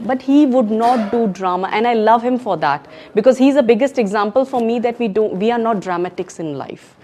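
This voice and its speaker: A woman with a Pakistani accent giving an emphatic, animated talk on public speaking at a club meeting. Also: a little high, brisk. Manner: emphatic and animated, mixing in Urdu phrases. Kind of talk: education session talk. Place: meeting room in a co-working space.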